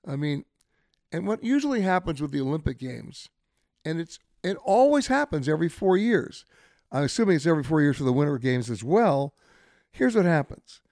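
A man's voice: fairly high pitch, a little mellow, no room sound, studio quality. A man hosting a radio travel show, giving chatty, emphatic travel advice straight to listeners. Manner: chatty, emphatic, gives direct travel tips. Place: hotel where the show is broadcast.

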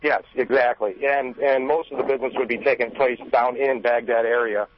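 A man's voice: medium pitch, fairly even intonation, fairly quick. Polite, hesitant male radio caller. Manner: hesitant, polite, many fillers. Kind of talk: phone-in questions. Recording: dull band-limited radio audio.

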